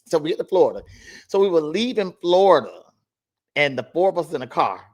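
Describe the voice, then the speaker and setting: Animated man telling stories. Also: fairly high pitch, fairly quick. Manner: animated storytelling, laughs while telling. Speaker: podcast co-host. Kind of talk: casual podcast chat.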